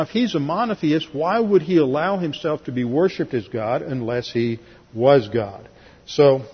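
A man's voice: mid-range voice, breathy edge. A man teaching a Bible class in a methodical way, walking through verses with dry asides, in a church sanctuary. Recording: lo-fi recording, long hall reverb.

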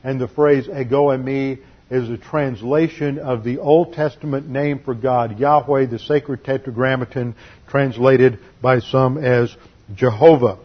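A husky-voiced man preaches an expository Bible lesson at a measured, deliberate pace, slowing down to lean on key phrases. The recording sounds dull and lo-fi. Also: medium pitch. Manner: measured, deliberate teaching delivery with slowed emphasis on key phrases. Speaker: pastor. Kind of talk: expository Bible teaching sermon.

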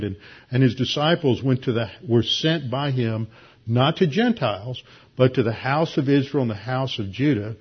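A man giving a Bible class lecture, explaining at a measured pace with frequent filler pauses. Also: medium pitch, expressive, slightly rough, highs cut off. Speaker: Bible teacher.

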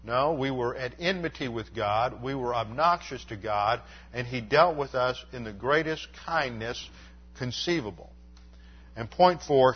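A man preaching a sermon as pastor, explaining scripture verse by verse in a measured teaching manner and closing in prayer. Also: mid-range voice, lo-fi sound.

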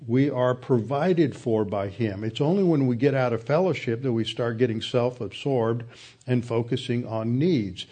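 A man giving a Bible study lecture, explaining in a measured way with occasional hesitations. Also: medium pitch, mellow. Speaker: Bible teacher.

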